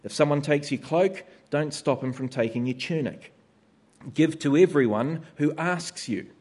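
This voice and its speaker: A man's voice: fairly high pitch, unhurried, a little mellow. A man preaching a sermon in a conversational way, sometimes acting out the voices of his listeners.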